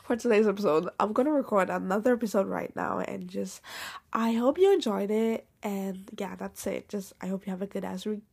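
Woman, podcast host, husky voice, casual solo chat, blunt and slangy, loud then hushed. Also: medium pitch, brisk.

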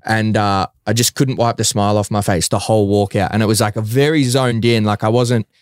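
A young man with a fairly low, smooth voice recounts a story in casual interview chat. He drops swear words freely and acts out what others said. The sound is close and dry. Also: steady tone, a little fast, no echo. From Australia. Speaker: guest, professional fighter.

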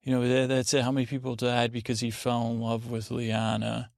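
A man hosting a sleep podcast, slowly retelling a story in a meandering way with many restarts and asides. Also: medium pitch, monotone, creaky, darkish tone, dry recording, clean studio sound. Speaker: podcast host. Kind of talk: rambling bedtime retelling.

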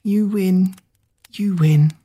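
A woman's voice: medium pitch, very slow, mellow, husky, pitched above the performer's own voice. A woman voicing a frightened teenage girl heroine in a read-aloud storybook, pleading and often half whispered. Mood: despairing.

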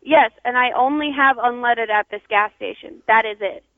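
A woman's voice: on the high side, normal speed, dry recording. A woman working as a gas station clerk, answering a call in a patient, plain and slightly hesitant way. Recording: dry phone line.

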